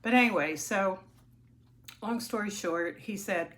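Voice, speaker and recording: A woman's voice: on the low side, takes it slowly, a bit bright. A middle-aged woman telling a personal story on her crafting vlog, chatty and rambling with frequent ums and restarts. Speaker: crafting vlogger.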